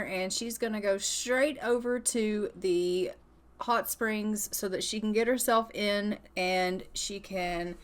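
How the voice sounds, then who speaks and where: A young adult woman giving casual gameplay commentary, chatty and swearing freely while voicing her character. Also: mid-range voice. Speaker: gaming YouTuber narrating her Sims play.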